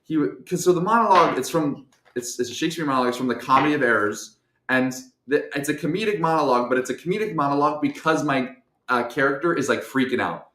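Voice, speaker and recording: A young man telling a personal story on a talk show. He acts out the other voices and swings from soft to shouting. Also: fairly high pitch, expressive, fast talker. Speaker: guest storyteller. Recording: echoey room.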